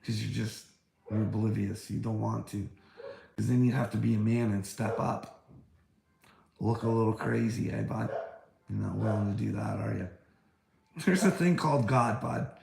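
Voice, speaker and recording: A man's voice: lowish voice, fairly even intonation, moderate pace, vocal fry, long pauses, a little mellow, echoey room, slight background noise. A man in a rambling livestream rant, taunting and preachy, swearing often and laughing between lines. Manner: taunting, calls listener "bud", frequent laughter; profane, preachy.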